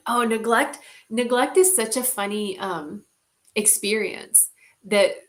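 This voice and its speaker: A woman's voice: medium pitch, fairly bright tone. A woman leading an online group, talking casually, candid and heartfelt, with many "like"s and the odd swear word.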